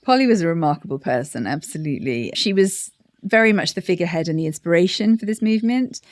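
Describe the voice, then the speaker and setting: A middle-aged woman giving a thoughtful interview answer, often restarting and laughing softly. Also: on the low side, animated, fast, no echo, clean studio sound. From United Kingdom. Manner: reflective, many restarts and soft laughs. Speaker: interview guest, campaign director. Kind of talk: conversational interview.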